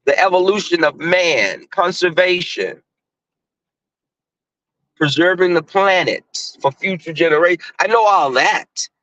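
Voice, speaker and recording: A middle-aged man with a Southern US accent and a high, expressive, fairly bright voice hosts an online talk, speaking unhurriedly to viewers. His monologue is blunt, profane and casual, full of fillers and restarts, recorded dull with no echo.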